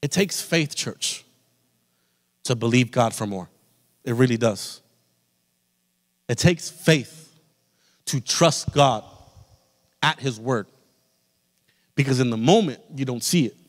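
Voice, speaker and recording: A man in the pastor's role preaching a sermon with an American accent, building to forceful emphasis and asking repeated rhetorical questions. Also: medium pitch, expressive, slow pace, pauses often. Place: church sanctuary. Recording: long hall reverb.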